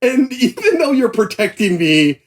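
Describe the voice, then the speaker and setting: Animated, laughing male comedian. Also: extremely high pitch, a little slow. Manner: animated storytelling, laughs often. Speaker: podcast guest, comedian. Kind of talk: casual podcast chat.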